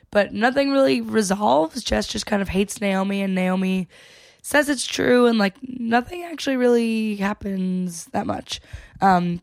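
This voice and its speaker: Casting note: woman podcast host, medium pitch, casual sarcastic recap chat with easy swearing, dry close sound. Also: no echo. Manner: chatty and sarcastic, swears freely.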